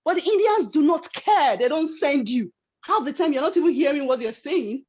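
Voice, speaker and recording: A woman chatting on a panel video call, telling stories in a lively, laughing way. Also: high voice, normal speed. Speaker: panel participant. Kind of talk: community panel discussion. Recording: dull lo-fi call audio.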